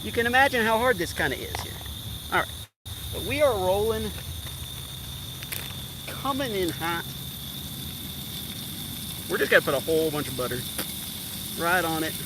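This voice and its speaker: Outdoors on a riverbank, a high-voiced man hosts a casual cooking livestream as a fishing vlogger, chatty and upbeat and addressing viewers directly. His delivery is expressive and moderately paced, broken by long pauses. The sound comes from a tripod camera, with loud surrounding noise.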